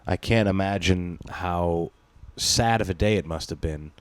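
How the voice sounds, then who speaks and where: A man with a deep, low voice hosts a casual podcast, rambling through loose banter, swearing freely and breaking into laughter. The sound is dry and close, with no room around it. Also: a little slow, dry recording. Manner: rambling, profane, laughs often. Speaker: podcast host. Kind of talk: casual chat.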